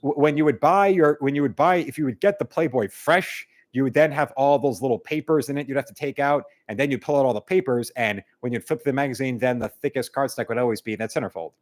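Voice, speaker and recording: Talking fast with hardly a pause, this live-stream host has a mid-range male voice. He rambles through casual chat and viewer comments, frequently restarting sentences and leaning on fillers.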